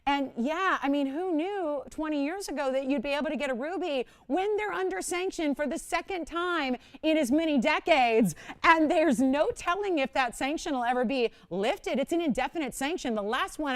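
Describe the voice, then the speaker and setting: A woman's voice: sits high, expressive, moderate pace, few pauses. A middle-aged woman hosting a live jewelry shopping show, chatty and self-mocking, laughing often as she talks up each piece. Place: TV shopping studio.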